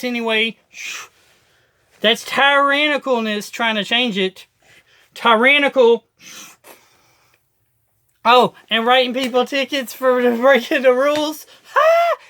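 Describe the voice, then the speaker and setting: A video host rants about politics to the camera in a very high-pitched voice with a bright, forceful edge. He stays emphatic the whole way, hammering his points with repetition and profanity.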